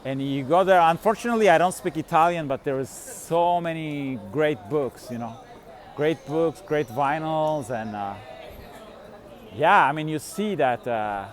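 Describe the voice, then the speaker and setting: A man vlogs while walking outdoors in a city, rambling casually with many fillers, restarts and frequent laughs. His slightly high voice is expressive and unhurried, with faint street noise around him.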